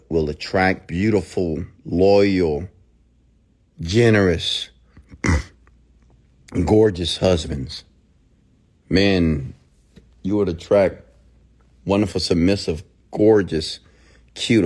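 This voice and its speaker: A middle-aged man with a low, deep voice delivers a motivational monologue straight to his listeners. He is emphatic, dropping to hushed near-whispers and then rising to shouts. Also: fairly even intonation, slow, pauses often. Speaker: motivational speaker.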